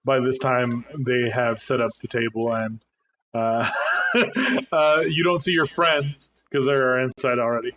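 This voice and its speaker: A man narrating as game master, halting and relaxed with many fillers. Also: medium pitch, lo-fi sound, background noise.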